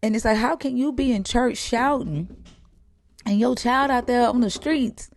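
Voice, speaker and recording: A woman's voice: a little high, a little slow, dry recording, studio quality. A woman telling stories in a blunt, profane, heated way, in candid conversation.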